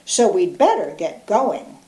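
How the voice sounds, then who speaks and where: A woman voicing a wise old owl in a storybook, speaking slowly and knowingly. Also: lowish voice, big pitch swings, dark tone, roomy sound.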